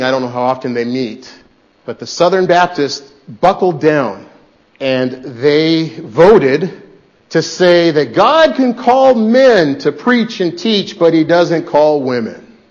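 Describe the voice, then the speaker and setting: A man preaching a sermon as pastor, swinging between loud, urgent lines and hushed ones. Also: medium pitch, lo-fi sound.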